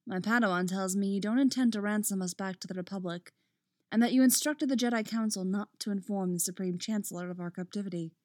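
A woman's voice: medium pitch, quick pace, dry recording, natural voice. A woman voicing a wry, composed woman jedi master, clipped and sceptical, in a dry recording.

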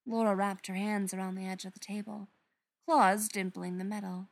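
A woman narrating a story aloud in an expressive storytelling manner. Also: medium pitch, moderate pace, vocal fry. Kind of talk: reading fan fiction aloud.

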